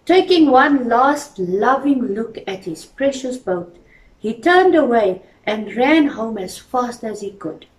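A woman reading a children's story aloud in church and speaking gently to the children. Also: a little high, animated, takes it slowly, echoey room, distant mic, rough recording. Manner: gentle, addresses children directly.

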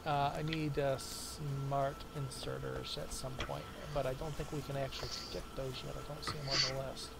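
A man's voice: mid-range voice, level tone, normal speed, gravelly, few pauses, very noisy. An American man talking through his moves while playing a co-op game, methodical and full of ums and uhs. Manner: methodical, thinks aloud with many fillers. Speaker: co-op game player. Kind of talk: casual gaming chat.

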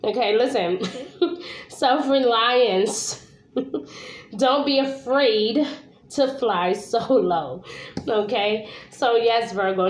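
A woman from Brooklyn, New York, gives a casual tarot reading in a chatty, informal way, dropping the odd curse and checking in with "okay?". Her voice sits at a middle pitch. The recording has a roomy echo. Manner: chatty, casual, swears, often tags "okay?". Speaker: tarot reader. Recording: echoey room.

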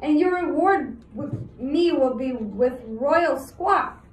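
A woman reading as a scrappy, quick-witted whipping boy. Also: sits high, animated, echoey room, distant mic, pitched above the performer's own voice, low-quality recording. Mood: urgent.

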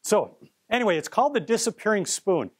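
High-voiced playful male chemistry professor. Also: sing-song, brisk, slightly rough. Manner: playful, theatrical, coaxing students up as volunteers. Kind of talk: live classroom lecture.

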